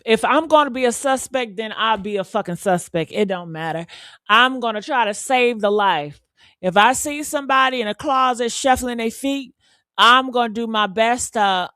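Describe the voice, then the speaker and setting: A woman hosting a live true crime reaction chat, talking in an emphatic, animated way and swearing freely. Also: a little high, dry recording, studio quality. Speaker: host.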